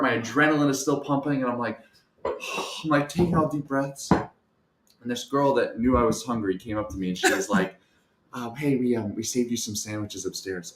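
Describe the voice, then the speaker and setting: A young man telling a personal story on a talk show. He acts out the other voices and swings from soft to shouting. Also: mid-range voice, noisy background. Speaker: guest storyteller. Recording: echoey room.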